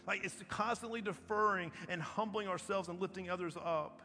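A man's voice: high-pitched, fast, hardly any pauses, bright, forceful tone. A male pastor, preaching a sermon emphatically, repeating phrases and asking "right?". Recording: long reverb, faint music behind.

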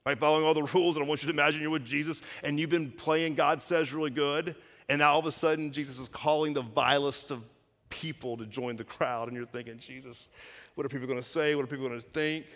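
A man preaching a sermon as pastor, animated, acting out quoted voices and swinging between loud and soft. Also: on the high side, quick pace. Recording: long reverb of a large hall.

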